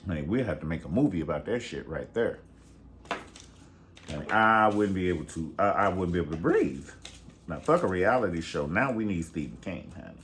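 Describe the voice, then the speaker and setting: Sassy, animated man dishing gossip. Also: low-pitched, brisk, a little hiss or hum. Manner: sassy, gossipy, profane, says "honey" a lot. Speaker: reality TV reviewer. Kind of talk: casual chat.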